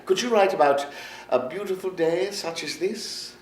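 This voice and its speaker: A man's voice: high-pitched, moderate pace, slight background noise, pitched above the performer's own voice, natural voice. A man putting on a teasing elegant noblewoman. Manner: gently teasing questions. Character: elegant, teasing noblewoman, older than the poet. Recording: roomy stage sound from a far camera.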